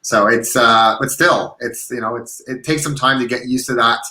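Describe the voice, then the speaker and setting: A man joins a casual chat over a video call, speaking in a supportive, reflective way. His voice has a bright, forceful edge at a mid pitch. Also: fairly even intonation, moderate pace, rough recording. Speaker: DJ guest.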